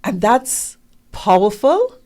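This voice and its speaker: A middle-aged woman talking as an interview guest, animated and emphatic, acting out the questions people ask her. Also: medium pitch, slow. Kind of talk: conversational interview.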